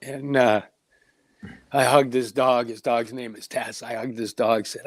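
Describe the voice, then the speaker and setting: A man's voice: mid-range voice, flat delivery, a little slow, dry recording. A man chatting on a talk show as a guest who makes remedies, telling long stories with plenty of "uh" and "um". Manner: rambling storyteller with many fillers. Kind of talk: casual talk-show chat.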